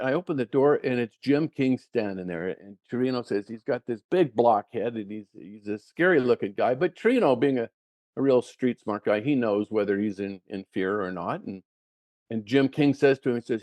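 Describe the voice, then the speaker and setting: Older man telling animated stories. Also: medium pitch, normal speed, dry recording, clean studio sound. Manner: animated, many restarts and repeated words. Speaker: guest, former touring golfer. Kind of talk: casual storytelling.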